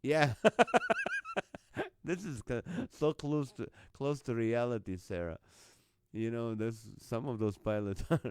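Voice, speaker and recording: A man's voice: medium pitch, slow pace, pauses often, darkish tone, clean tone, no room sound. A man hosting a live online comedy show, reading out viewer jokes, greeting viewers by name and laughing often at the lines.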